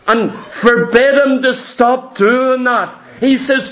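A man preaching with lively storytelling, slipping into the voices of the people in his stories. His voice sits very high for a man. The tone is bright and forward. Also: slow, hardly any pauses. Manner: animated storytelling, acting out voices of disciples. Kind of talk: sermon.

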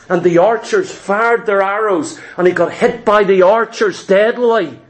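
A man's voice: sits high, measured pace. A male pastor preaching a sermon, telling a scripture story emphatically and acting out the characters' lines. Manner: emphatic and exhortative.

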